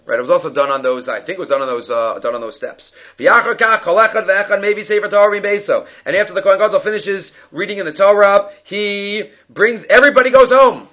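High, bright-voiced man teaching Talmud. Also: fast talker, hardly any pauses, lo-fi sound. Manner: explains text line by line, thinking aloud, uses Hebrew and Aramaic terms. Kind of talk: daily Talmud class lecture.

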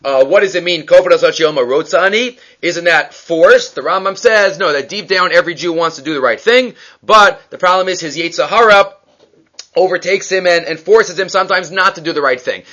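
A man's voice: high-pitched, moderate pace, bright, forceful tone. A man teaching a Talmud class, reading the texts aloud in a chanting lilt and then explaining them in loose, casual asides. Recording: dull lo-fi recording.

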